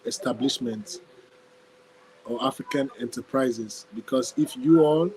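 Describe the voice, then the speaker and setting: A man's voice: mid-range voice, crowd noise, rough recording. Effusive male podcast host. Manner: effusive, thanks people often, quick to laugh. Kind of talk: casual podcast chat.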